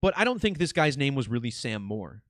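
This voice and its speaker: A man hosting his own video channel, talking casually and excitedly to viewers, swearing now and then. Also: medium pitch, fairly quick, no room sound, studio quality. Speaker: video host.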